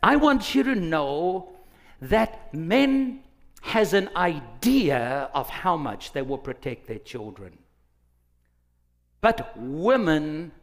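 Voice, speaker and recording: A middle-aged male pastor preaching a sermon, animated, acting out quotes with big swings from quiet to loud. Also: fairly high pitch. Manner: animated, dramatic swings in loudness, acts out quotes.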